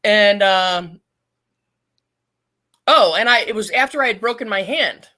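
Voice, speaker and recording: A middle-aged woman, a podcast guest, telling a long story in a blunt, profane and animated way. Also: mid-range voice, unhurried. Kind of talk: casual storytelling.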